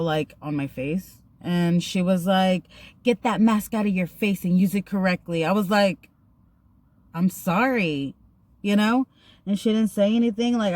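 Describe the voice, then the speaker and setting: A young woman casually telling a story while getting ready, chatty and slangy, acting out the people she quotes. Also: medium pitch. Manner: chatty, slangy, animated retelling with acted quotes. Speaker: vlogger.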